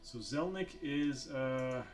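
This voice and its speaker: A man's voice: medium pitch, slow pace, soft background music. A man running a tabletop game as game master, easygoing, laughing often as he explains the rules.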